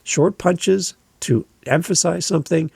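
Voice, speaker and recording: Gravelly, husky man coaching podcasters. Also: a little high, measured pace, darkish tone, dry recording. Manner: conversational, emphatic, gesturing with hands while speaking. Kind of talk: casual instructional monologue.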